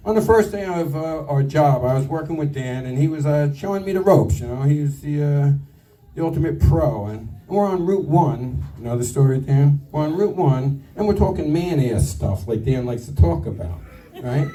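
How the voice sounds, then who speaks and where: A man giving a crude, self-deprecating roast speech at a party, with halting fillers. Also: on the high side, animated, mellow. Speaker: retirement roast speaker. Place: banquet room with a crowd. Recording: distant mic, noisy room. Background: crowd laughter and chatter.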